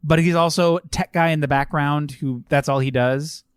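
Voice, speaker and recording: A man co-hosts a casual film podcast, and his voice sits fairly high for a man. He talks in an animated, riffing way and breaks into laughter as he mocks things. The mic is close, with a dry sound. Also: moderate pace, smooth, dry recording. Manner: animated, laughing, mocking put-on accents. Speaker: podcast co-host. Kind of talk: casual film-review chat.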